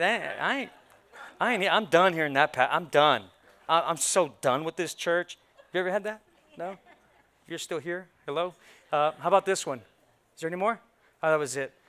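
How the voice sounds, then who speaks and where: A man preaching a sermon in a church, playful and animated, acting out how churchgoers react. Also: high voice. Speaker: pastor. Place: church sanctuary.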